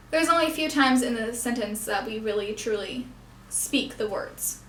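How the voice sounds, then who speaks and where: A young woman whose voice sits on the high side explains puppet technique at a moderate pace during a hands-on lesson. As a puppetry instructor she occasionally pauses to correct herself, and the space sounds echoey.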